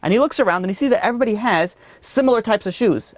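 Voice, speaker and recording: A man teaching a religious class, telling a story in a lively way with many "you know" asides. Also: high-pitched, very fast, dry recording. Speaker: rabbi teaching a weekly class.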